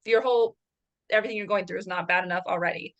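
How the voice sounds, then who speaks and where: A woman's voice: on the low side, steady tone, fast, lo-fi sound. Casual woman co-host, chatty, sympathetic, lots of fillers. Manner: conversational, many fillers, sympathetic asides. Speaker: guest co-host. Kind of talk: casual interview chat.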